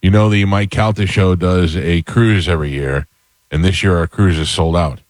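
A man in his fifties hosting a radio talk show, telling rambling stories in a relaxed, casual way. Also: low-pitched, moderate pace, no echo. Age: 50s. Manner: relaxed storyteller, rambling with restarts.

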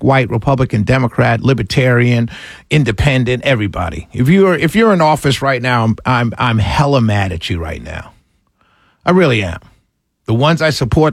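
Man, radio talk host, fired-up sarcastic rant, swinging pitch, dry booth sound. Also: vocal fry, slightly rough, no echo. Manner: impassioned, ranting, sarcastic, laughs between points. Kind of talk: opinionated radio monologue.

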